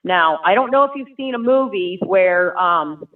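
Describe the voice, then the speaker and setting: A woman's voice: fairly low pitch, lively intonation, a little slow. Earnest woman's testimony over a tinny line. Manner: earnest, vivid storytelling. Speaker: guest sharing a personal testimony. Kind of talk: emotional personal testimony. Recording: tinny phone-like sound from far off.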